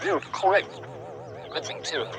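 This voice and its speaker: A man's voice: a little high, a little slow, creaky, very noisy. A man giving prim, questioning comic replies in an old radio comedy sketch.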